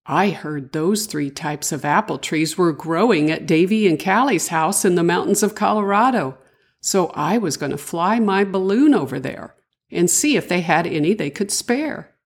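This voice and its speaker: A woman's voice: on the low side, animated, normal speed, slightly rough. An older woman voicing a friendly, eager male black bear in a children's story.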